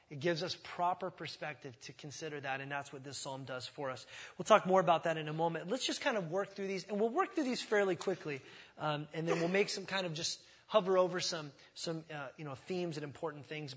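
A man's voice: high-pitched, fairly bright tone, slightly rough. A man in his forties preaching a sermon as pastor, conversational and earnest, with frequent fillers and self-corrections. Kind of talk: sermon, verse-by-verse Bible teaching. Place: church sanctuary.

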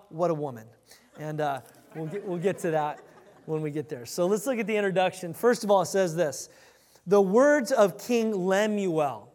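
High-voiced male preacher in a reverberant hall. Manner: animated, with emphatic scripture reading. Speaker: pastor. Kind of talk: conversational sermon. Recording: long reverb of a large hall.

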